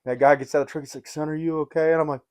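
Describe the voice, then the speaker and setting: A man, a podcast host telling a rambling, animated story in casual chat. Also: a little high, rapid-fire. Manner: rambling and animated, uses "dude" and "like" a lot.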